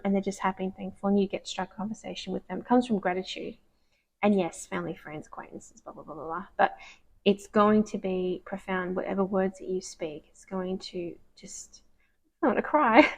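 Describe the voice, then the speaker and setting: Gravelly-voiced woman giving a card reading. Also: mid-range voice. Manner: rambling, gushing, soft-spoken with whispered asides. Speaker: tarot card reader. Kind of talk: casual tarot reading to camera. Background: dogs barking.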